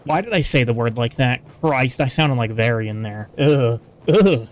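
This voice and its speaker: A man talking casually over his gameplay, rambling and self-deprecating as he answers his chat. His pitch sits in an ordinary middle range. A faint hiss of background noise sits under the voice. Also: normal speed. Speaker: streamer playing a video game. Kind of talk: casual gaming commentary.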